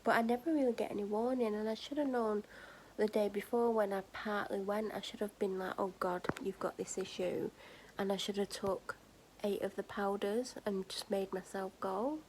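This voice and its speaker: A young adult woman vlogger, tired and drained, telling a personal story candidly to the camera, often dropping into soft whispers and sighs. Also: mid-range voice, fairly even intonation, moderate pace, a little hiss or hum, low-quality recording.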